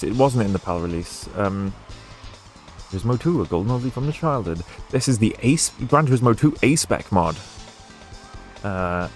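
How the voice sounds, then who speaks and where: A young man with a posh British accent, chatting casually and rambling with fillers while he plays through a racing game on stream. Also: lowish voice. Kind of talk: casual gameplay stream chat.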